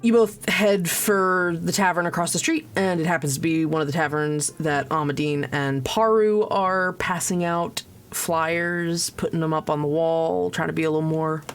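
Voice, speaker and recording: A woman narrating as game master of a tabletop game, halting with many pauses and restarts. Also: low voice, fairly even intonation, soft background music. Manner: halting, lots of ums and restarts, laughs. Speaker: dungeon master.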